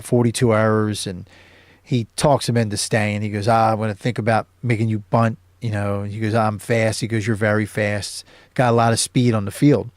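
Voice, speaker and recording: Rambling low-voiced man recapping a film. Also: darkish tone, no echo. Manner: rambling, many ums and uhs. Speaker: show host. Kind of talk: casual film commentary.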